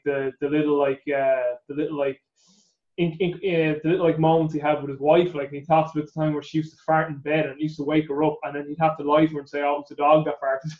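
A man's voice: fairly high pitch, a little mellow, echoey room, dull audio. An Irish man hosting a podcast interview, chatty and casual, stammering into repeated words and swearing freely. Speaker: podcast host.

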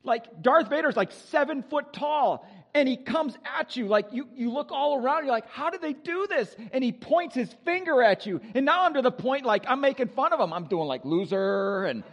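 A male pastor preaching an animated, joking sermon with exuberant energy. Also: very high-pitched, normal speed, long reverb tail.

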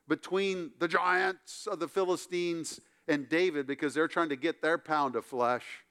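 Male pastor giving a sermon, slightly high, smooth voice, lively storytelling with wry asides.

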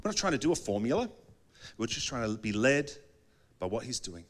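A man's voice: mid-range voice, big pitch swings, fairly quick. A male pastor preaching a sermon in a conversational way, often acting out small dialogues.

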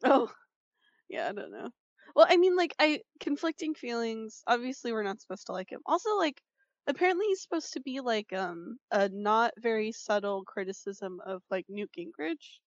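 A woman's voice: fairly high pitch, very animated, normal speed, dry recording, highs cut off. A woman co-hosting a podcast, chatting casually and rambling with lots of "like" and fillers. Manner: rambling, heavy use of "like". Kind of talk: casual chat.

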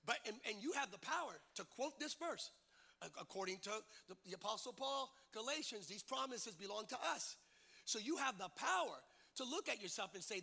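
A male preacher delivering a sermon to a congregation in church, using rhythmic repetition that builds to shouted climaxes. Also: very high-pitched, gravelly. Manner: energetic, animated. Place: church service before a congregation.

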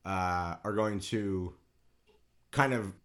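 Bright, easygoing podcast co-host man. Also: low-pitched, drawn-out words. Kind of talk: casual chat.

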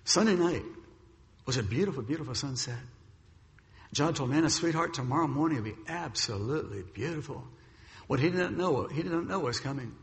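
A male preacher tells a dramatic story from the pulpit, his slightly high voice gravelly and his delivery brisk. He recorded in a reverberant church hall that leaves a long echo behind each phrase. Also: a bit bright. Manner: dramatic storyteller, acting out the characters' lines. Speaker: pastor. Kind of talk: sermon storytelling.

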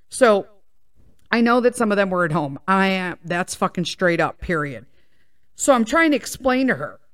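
Animated, swearing woman ranting. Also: mid-range voice. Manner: animated, heavily profane, exasperated. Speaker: podcast host. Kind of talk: casual storytelling rant.

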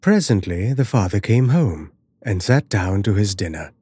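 A man giving a measured, dramatic scripted narration of a horror fairy tale. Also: lowish voice, big pitch swings, warm tone, husky, no echo.

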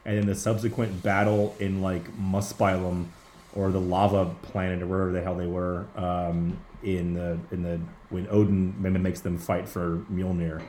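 A man with a fairly low voice chats as a guest writer on an interview show. He gets excitable and curses casually, often restarting his sentences. His voice bounces around a roomy space over faint background hiss. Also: moderate pace, few pauses. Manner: profane, excitable, many restarts. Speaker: comic book writer guest. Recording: roomy echo.

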